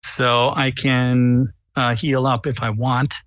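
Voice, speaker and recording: A man playing a tabletop game, describing his vampire's actions in a deliberate, wry way. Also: mid-range voice, little pitch movement, fairly bright tone, dry recording. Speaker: player.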